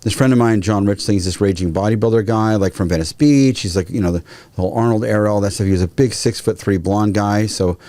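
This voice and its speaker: A man, a guest firearms trainer, telling stories in a casual, animated way and acting out quotes. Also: fairly low pitch, quick pace, no room sound. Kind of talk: casual storytelling.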